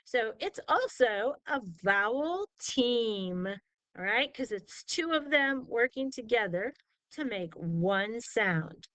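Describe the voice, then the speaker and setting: Woman teaching phonics real slow, kinda high voice, dry close sound, stretches out the vowel sounds. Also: lively intonation, a bit bright, no echo, low-quality recording. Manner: asks leading questions and answers them herself. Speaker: reading and spelling tutor. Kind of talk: slow, patient phonics lesson.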